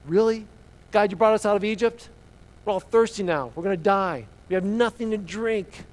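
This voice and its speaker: A man's voice: fairly high pitch, very animated, fast, darkish tone. A man voicing whiny, grumbling desert wanderers who complain of hunger and thirst.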